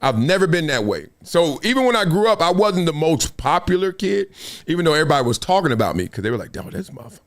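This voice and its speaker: A middle-aged man hosting his own live show, talking in an animated, casual way, acting out quotes and laughing often. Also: a little high, fast. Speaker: host.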